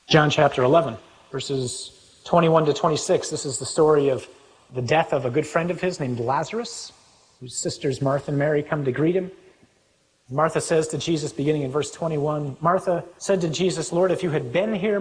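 A man preaching a sermon, reading scripture aloud and explaining it, moving between quiet reading and loud emphasis. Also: mid-range voice. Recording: long reverb from a large hall.

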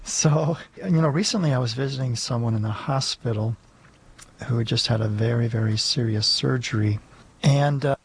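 A man serving as a priest speaks in a gentle, measured way as he tells a pastoral anecdote. A faint hiss sits under his voice. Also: medium pitch. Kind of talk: conversational talk-show segment.

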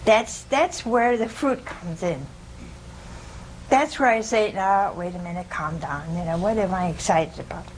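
A woman giving an informal scripture teaching to a small group, conversational and humorous, often pausing to ask her listeners "See?". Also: lowish voice, a little hiss or hum, poor audio. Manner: conversational, keeps asking "See?" and questioning listeners; homespun humor, laughs at her own jokes. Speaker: religious teacher.

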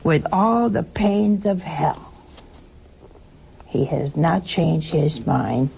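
A woman's voice: low voice, vocal fry, warm tone, a little hiss or hum. A woman giving a conversational sermon to her listeners, telling stories and often laughing as she talks. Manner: chatty storytelling, laughs through her anecdotes. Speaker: religious speaker addressing listeners.

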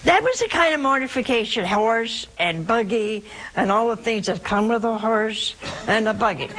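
A woman hosting a call-in show as a religious sister, giving emphatic spiritual advice with wide swings in pitch. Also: expressive, moderate pace, a bit bright, slight background noise, poor audio.

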